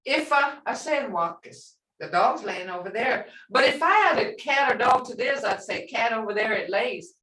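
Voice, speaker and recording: A woman teaching a language class, animated, acting out reactions and laughing often. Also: on the high side, moderate pace, hardly any pauses. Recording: roomy classroom sound from far off.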